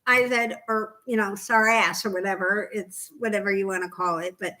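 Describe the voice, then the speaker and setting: A woman's voice: mid-range voice, fairly even intonation, brisk, pushed and bright. A middle-aged woman from Indiana, co-hosting a casual knitting podcast and telling stories with frequent laughter. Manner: chatty storyteller, laughs often. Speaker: podcast co-host. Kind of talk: casual chat.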